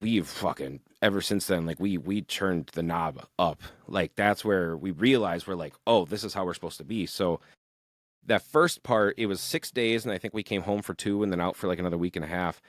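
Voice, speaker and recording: A young man with a very low voice tells long, rambling stories about his band in a casual podcast chat. He talks animatedly and swears often. The sound is dry and close, with no room echo. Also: normal speed. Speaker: musician guest.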